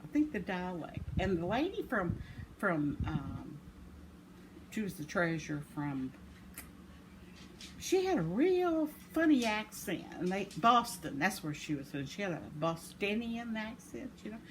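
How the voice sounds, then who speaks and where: A woman's voice: mid-range voice, very animated, unhurried. An older woman, casually telling a rambling story with self-deprecating chuckles. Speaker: vlogger. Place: home. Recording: noisy home recording.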